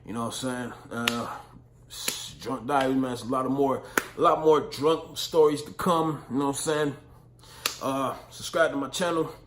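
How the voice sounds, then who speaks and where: A man's voice: medium pitch, steady tone, moderate pace, slight background noise. A young man vlogging, telling a story in casual slang, full of profanity and "you know what I'm saying".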